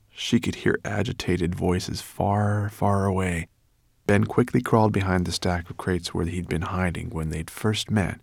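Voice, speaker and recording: A man narrating a story in an expressive, dramatic way. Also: deep voice, vocal fry, dry recording, clean studio sound. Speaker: audiobook narrator. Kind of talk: scripted narration.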